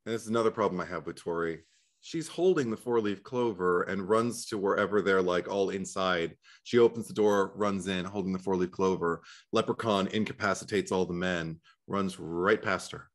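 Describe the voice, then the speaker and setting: A man's voice: low voice, moderate pace. A man co-hosting a movie podcast, telling stories in a frank, chatty way and laughing often. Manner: frank, swears freely. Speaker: podcast co-host. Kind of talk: casual movie discussion.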